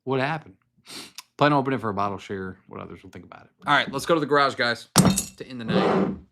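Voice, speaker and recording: Holding his phone, a man walks to his garage while hosting a whiskey livestream from home, joking and chatting loosely. His medium-pitched voice comes fast, pushed and bright, over slight background noise.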